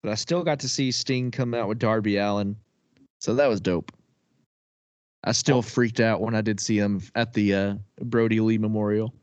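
Male co-host, excitable and loose, laughs easily, dry close mic. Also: fairly low pitch, moderate pace, no echo, highs cut off. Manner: excitable, laughs often, swears casually. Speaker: podcast co-host. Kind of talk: casual chat.

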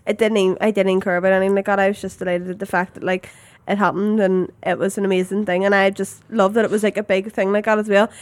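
A young Northern Irish woman co-hosting a podcast, rattling through a story at a quick clip and scattering "like" through every sentence. Her voice sits at a middle pitch and the recording is dry and close, with no room sound. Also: flat delivery, no room sound. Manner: chatty storytelling, full of "like". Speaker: podcast co-host. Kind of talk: casual chat.

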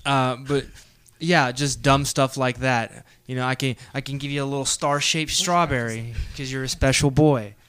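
A young man speaking at normal speed co-hosts a podcast, rambling casually and often restarting or using fillers. The voice is medium-pitched, fairly even, fairly bright, clear and resonant, in a dry recording.

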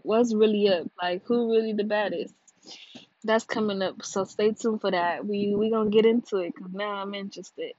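A young woman from California hosting a casual gossip podcast on her own, rambling and cursing freely while high and sleepy, her voice swinging between loud bursts and low mumbles. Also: steady tone, normal speed, no room sound. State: high and drowsy. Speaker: podcast host. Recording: dull dry lo-fi sound.

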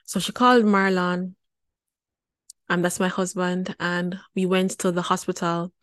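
A woman, hosting a wellness show and telling a personal story in a lively, chatty way with frequent laughter. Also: on the low side, unhurried, no echo, clean studio sound. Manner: lively, chatty, laughs often, repeats words for emphasis.

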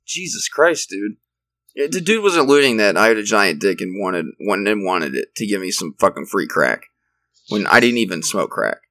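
A young man spins rambling, profane stories in a casual chat. His pitch rises and dips all over the place. The voice is bright and dry, right up close. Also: very animated, normal speed, no echo, rough recording.

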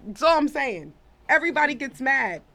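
A woman's voice: high voice, expressive, moderate pace, sharp tone. A woman hosting a podcast, chatting casually and bluntly, cursing and laughing as she reads listener comments. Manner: blunt, profane, laughs a lot. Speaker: podcast host.

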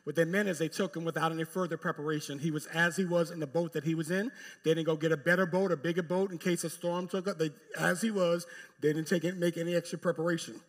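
A male pastor preaching a sermon to a live congregation in a church, speaking emphatically with long pauses and addressing the pews directly. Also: on the high side, fairly even intonation.

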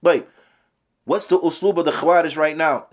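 A man's voice: fairly high pitch, moderate pace. A man teaching a religious lesson who asks rhetorical questions, quotes Arabic and then translates it. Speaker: Islamic teacher. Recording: podcast lesson recording.

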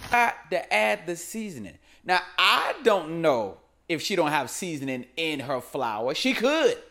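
A man's voice: on the high side, measured pace, gravelly, a little hiss or hum. A young man hosting a comedic commentary show, ranting loosely in slangy casual speech. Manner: animated, slangy, keeps saying "man".

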